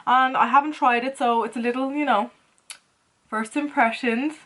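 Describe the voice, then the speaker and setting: A woman's voice: sits high, fairly even intonation, moderate pace, pushed and bright. Chatty woman doing a makeup tutorial. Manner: chatty, playful, talks to herself while working. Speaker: makeup vlogger. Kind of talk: casual makeup tutorial chat.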